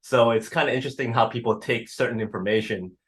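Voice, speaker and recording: A podcast host runs a conversational interview, speaking fast in a mid-range voice. He sounds hesitant, repeats words, and wraps up his points with "right?"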